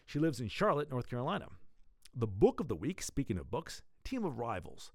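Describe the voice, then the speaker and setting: A man hosts a newsletter podcast, reading his items in a playful, joking way. His pitch swings widely, and the sound is close and dry, with no room around it. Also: brisk, no echo. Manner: playful, jokey, animated. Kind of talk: casual scripted newsletter reading.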